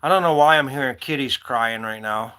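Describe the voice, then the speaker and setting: A man's voice: medium pitch, brisk, background noise. A man hosting a casual livestream, rambling from one story to the next and talking to his viewers by name. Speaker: livestream host. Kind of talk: casual live-stream chat.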